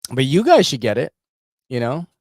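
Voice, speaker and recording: A man hosting a casual livestream and chatting in a slangy, laughing, animated way. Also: medium pitch, moderate pace, no echo, clean studio sound. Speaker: host.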